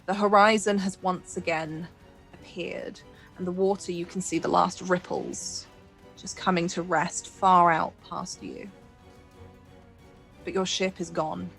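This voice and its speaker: A woman game master tells a grim sea story in a low-pitched voice, piling on vivid detail. Soft music plays under her narration. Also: flat delivery, unhurried, vocal fry, rough recording. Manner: descriptive, dramatic storytelling with restarts. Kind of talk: narrating a tabletop horror game. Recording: light background music.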